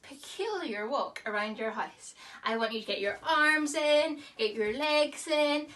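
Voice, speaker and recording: A woman leading children through a physical warm-up in an online drama class, in a lively, instructive way. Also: high voice, far from the mic. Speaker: drama teacher.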